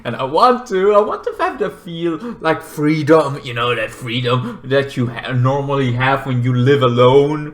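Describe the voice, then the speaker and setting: A young man rambling through a casual movie recap, leaning on filler phrases and jumping into loud, high-pitched acted quotes. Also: expressive, measured pace, hardly any pauses, noisy background. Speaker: movie reviewer.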